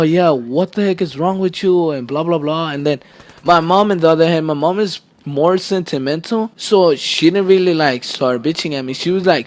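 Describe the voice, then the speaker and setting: A teenage boy vlogger telling a story to camera in a casual, rambling way, swearing often and laughing at himself. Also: on the high side.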